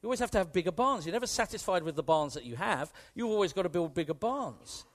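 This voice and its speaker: Animated British preacher with high, lively voice. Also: male voice, quick pace. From Britain. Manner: animated and conversational, shifting from hushed to emphatic. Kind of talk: sermon.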